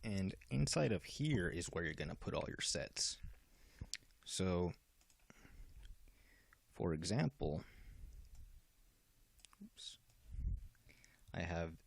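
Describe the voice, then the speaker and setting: A game developer casually demos a program he made, explaining its features step by step with fillers and restarts. His low, gravelly, slightly rough voice is very animated yet slow, with long pauses.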